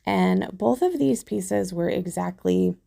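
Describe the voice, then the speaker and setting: A woman with a hoarse, husky voice from a cold, chatting casually as she walks through a craft project in her tutorial video. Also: fairly low pitch, slow, dark tone. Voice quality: gravelly, husky. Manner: chatty, self-deprecating. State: hoarse from illness.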